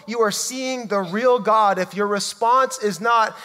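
Emphatic preacher guy, pretty high voice, big echoey church hall. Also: unhurried, few pauses. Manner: emphatic, shifts from loud to hushed. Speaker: pastor. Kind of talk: sermon. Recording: long reverb hall.

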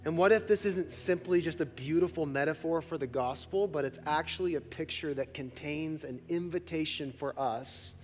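A man pastor preaching a sermon, shifting between loud emphatic peaks and hushed, slow appeals to the congregation. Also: fairly high pitch, in a large hall, slight background noise.

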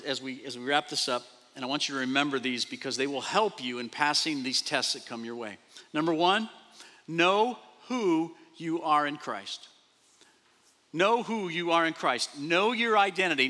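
Guy pastor preaching, bit high voice, acts out the quotes, long echo in a big church hall. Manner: animated preaching, repeats phrases, acts out quoted speech. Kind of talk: sermon. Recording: long reverb of a large hall.

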